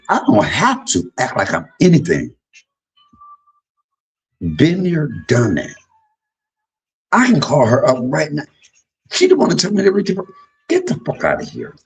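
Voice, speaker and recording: Husky, animated man in his fifties. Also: low-quality recording. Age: 50s. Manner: animated, swinging between loud outbursts and low murmurs; profane and blunt. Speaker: livestream host. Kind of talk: emotional personal monologue.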